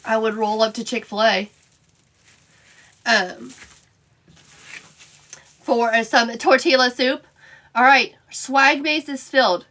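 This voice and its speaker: A woman's voice: fairly high pitch, steady tone, takes it slowly, pauses often, sharp tone. A woman hosting a casual craft live stream, chatting and answering viewer comments by name as she works.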